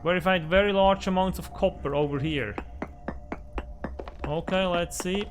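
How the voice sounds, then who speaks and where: A man's voice: high voice, unhurried, music in the background. A man hosting a let's play, commenting on his survival game and swearing at it in frustration. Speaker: gaming channel host. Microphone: desk microphone.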